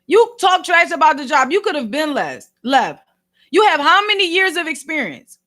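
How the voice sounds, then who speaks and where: A woman with a Philadelphia accent delivering an exasperated, animated rant as a vlog host, heavy on slang. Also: high-pitched, moderate pace. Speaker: vlogger and podcast host. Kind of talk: ranting commentary.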